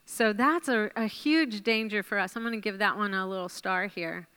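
A woman's voice: mid-range voice, normal speed, bright, forceful tone, clear, resonant tone. A woman leading a Bible study class, drawing out answers and praising them with encouragement as she writes them up. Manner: encouraging, praises answers, thinks aloud while writing.

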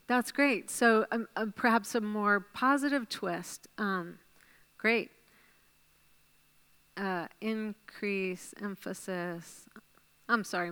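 A woman teaches a Bible study group at a slow, unhurried pace, stopping often to praise answers. Her voice is bright and smooth. She thinks aloud while jotting ideas down. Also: mid-range voice. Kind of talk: leading a class discussion.

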